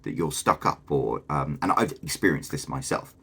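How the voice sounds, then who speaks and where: A man's voice: a bass voice, expressive, moderate pace, creaky, pushed and bright, husky. A man from Britain with a posh English accent, chatting enthusiastically as a video host. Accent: posh southern English. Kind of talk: casual talking-head commentary.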